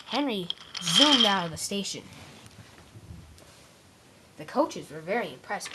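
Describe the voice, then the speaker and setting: Woman narrator, casual, homemade toy-train story, mid pitch. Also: big pitch swings, measured pace, sharp tone, slight background noise. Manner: casual, with slips and restarts.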